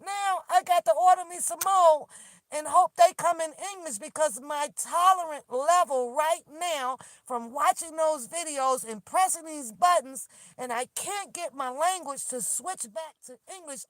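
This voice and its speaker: A woman's voice: high-pitched, dry recording. A woman vlogging from her car on a phone, ranting in an exasperated, laughing way and swearing freely. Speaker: vlogger talking to her viewers. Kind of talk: animated casual rant to camera. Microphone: phone camera.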